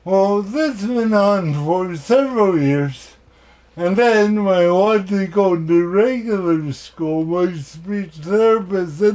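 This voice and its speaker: A man giving a keynote talk, telling personal stories in a deliberate way with self-deprecating humor. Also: sits high, expressive, darkish tone. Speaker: keynote speaker.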